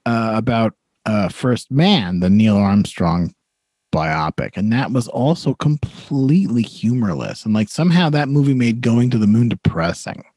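A man's voice: medium pitch, animated, measured pace, darkish tone, no echo. Chatty rambling man, dry close mic. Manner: chatty, rambling, frequent fillers and restarts. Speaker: podcast co-host. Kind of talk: casual chat.

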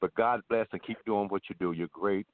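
A man's voice: on the low side, a little fast, no room sound. A man calling in to a radio show, enthusiastic and full of praise. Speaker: caller. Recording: thin dry phone line.

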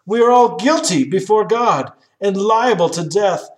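A man reading an old sermon aloud in a solemn, measured oratorical manner, building up through rhetorical questions. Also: high voice, animated. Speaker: sermon reader. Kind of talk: read-aloud historical sermon.

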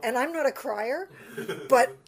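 A woman's voice: high voice, a little slow, creaky, a crowd in the background. Laughing, chatty woman telling stories. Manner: lively, laughs often, many restarts. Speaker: pianist telling her story. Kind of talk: casual storytelling interview.

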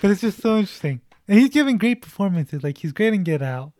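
A man's voice: sits high, very animated, fast, a little mellow, dry recording, clean studio sound. A man chatting casually about a movie, laughing often and retelling scenes.

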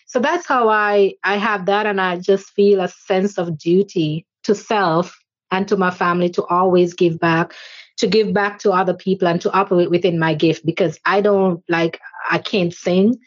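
A woman's voice: on the low side, fairly even intonation, normal speed, dry recording. A woman in her forties who is a guest in an interview. She answers earnestly and reflectively, with frequent fillers. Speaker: organization chair, interview guest. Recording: slightly dull lo-fi audio.

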